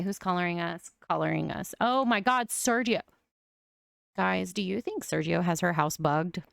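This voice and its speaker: A young woman commenting on her life-simulation game, gushing and often breaking into excited squeals. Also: lowish voice, vocal fry, smooth, no echo, clean studio sound. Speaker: gaming YouTuber.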